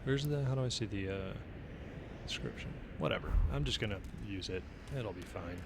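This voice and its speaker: A man's voice: on the low side, lively intonation, a little fast. A man streaming a video game, chatting casually and rambling into jokes, with frequent swearing. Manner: rambling, joking, profane. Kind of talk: casual gameplay commentary. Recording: live stream mic with very loud background noise.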